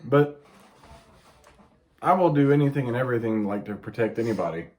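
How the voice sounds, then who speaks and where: A man's voice: medium pitch, expressive, a little fast, darkish tone. Earnest, rambling man who swears casually. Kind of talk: casual chat.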